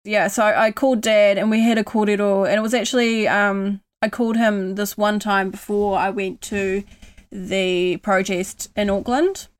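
A woman's voice: medium pitch, steady tone, normal speed, clear, resonant tone. A young woman with a New Zealand accent, talking earnestly in a casual conversation. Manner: earnest, softens her voice when voicing kind self-talk. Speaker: guest.

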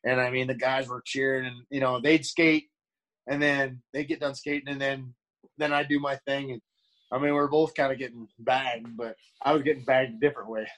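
A middle-aged man talks with a mid-range pitch, sharing candid stories. He rambles, restarting sentences and leaning on fillers. Now and then he acts out the voices of people in his stories. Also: little pitch movement, fairly quick, fairly bright tone, low-quality recording. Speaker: guest, former pro hockey player. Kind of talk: casual storytelling.

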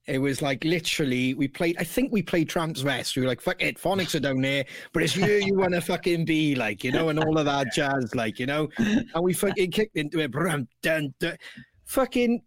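Man, podcast host, slightly high voice, very lively, dry close sound. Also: no echo. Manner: animated, laughing, heavy swearing. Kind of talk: casual chat, swearing storyteller.

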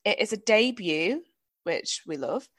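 A woman's voice: mid-range voice, big pitch swings, fairly bright tone, no echo. Playful woman co-host, dry mic. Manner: playful, quick gasping reactions and teasing asides. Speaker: podcast co-host. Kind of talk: casual chat.

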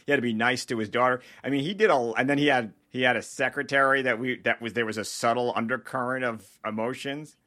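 A man's voice: medium pitch, steady tone, fast talker, few pauses, pushed and bright. A man co-hosting a film podcast in casual chat, wry and joking, with laughs between points. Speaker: podcast co-host reviewing a film.

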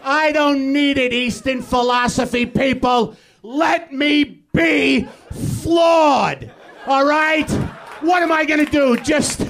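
A male comedian on a live stage, shouting an exasperated, profane rant. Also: very high voice, slow, gravelly. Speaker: comedian guest.

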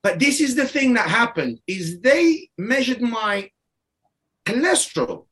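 A man's voice: extremely high pitch, very animated, measured pace, pushed and bright. A man speaking as a guest, telling his story in a rambling, casual way, often restarting and laughing.

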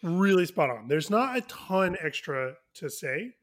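A man with a fairly high voice tells a lively story on a casual podcast. He is in his thirties and breaks into quick asides as he talks. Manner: animated anecdote-telling, quick asides. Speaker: podcast co-host.

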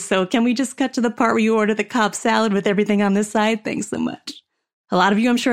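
Candid, cursing actor giving a pep talk. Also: female voice, medium pitch. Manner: candid, profane and wry. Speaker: actor and coach. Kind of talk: motivational talk.

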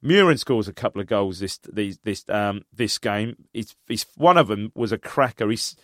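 A man from England co-hosting a casual football podcast, reminiscing about old matches and getting animated as he recalls them. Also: on the low side, moderate pace, no echo, clean studio sound. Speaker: podcast co-host.

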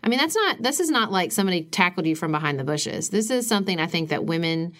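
Woman, forties, podcast co-host, lowish pitch, casual emphatic chat. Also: fast. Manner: animated, emphatic, swings up high when quoting others.

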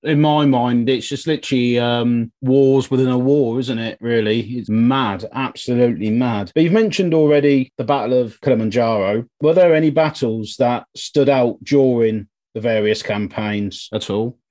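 A man hosting a history podcast, asking questions in a loud, casual, emphatic way. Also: mid-range voice, normal speed, hardly any pauses. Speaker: podcast host. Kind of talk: interview questions.

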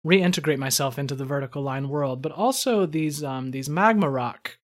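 A man playing a spacey comedy podcast host who talks in a halting, drawn-out way. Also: a little high, natural voice.

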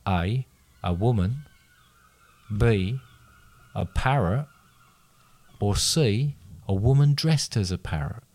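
A man's voice: on the low side, expressive, slow pace, pauses often, darkish tone. A man hosting a casual quiz, reading out multiple-choice questions and teasing his guest. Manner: teasing, reads questions aloud with restarts. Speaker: quiz host.

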